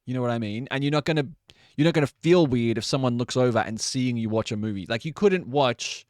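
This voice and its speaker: A man's voice: mid-range voice, brisk, a little mellow, dry recording, studio quality. A man in his late twenties or thirties, a streamer chatting casually with his live chat and laughing often. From Australia.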